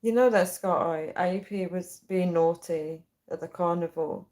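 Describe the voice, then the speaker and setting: A woman's voice: on the low side, measured pace, a little mellow. A woman on a casual livestream, chatting, giggling and reading viewers' comments aloud. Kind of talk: casual live-stream chat. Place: at home late at night.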